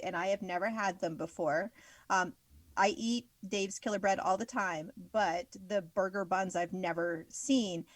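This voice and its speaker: A woman co-hosting a casual podcast, bubbly and excitable, laughing often as she talks. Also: mid-range voice, no room sound. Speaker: podcast co-host.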